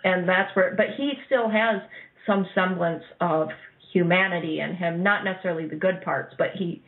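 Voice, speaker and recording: A woman's voice: fairly low pitch, normal speed. A woman co-hosting an anime podcast, chatting casually and eagerly, often agreeing and recalling details. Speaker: podcast co-host. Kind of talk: casual chat reviewing an anime. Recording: tinny phone-like line.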